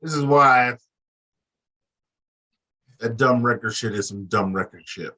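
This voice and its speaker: A man with a very bright, sharp voice, co-hosting a casual chat show. He rants bluntly and crudely, with plenty of profanity and animated dismissals. His pitch sits in a middle range. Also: a little slow, low-quality recording. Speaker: podcast co-host.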